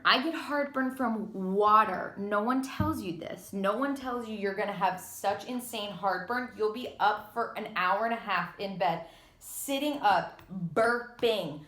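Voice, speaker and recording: A woman's voice: medium pitch, sharp tone. A young pregnant woman in her twenties, out of breath, ranting in a dramatic, sarcastic casual vlog. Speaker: vlogger. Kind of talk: candid casual vlog rant. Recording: echoey room.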